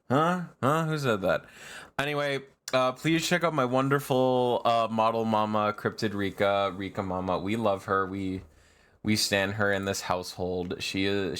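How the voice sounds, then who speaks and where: Rambling casually during a live stream, a male streamer laughs, uses plenty of fillers, and repeatedly bursts into shrieking, high-pitched complaints. The voice has a fairly bright quality.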